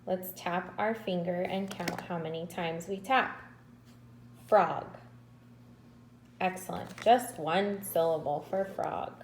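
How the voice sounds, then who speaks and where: Woman, kindergarten teacher, unhurried patient delivery, roomy echo. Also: lowish voice, a little hiss or hum. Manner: slow, patient, drawn-out syllables. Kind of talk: recorded remote lesson to children.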